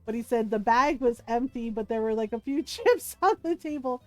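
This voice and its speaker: A woman's voice: a little high, expressive, normal speed, darkish tone, dry recording, faint music behind. A woman livestreaming a game, casually telling a story to her chat, giggling often and acting out the voices of the people she quotes. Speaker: livestream gamer.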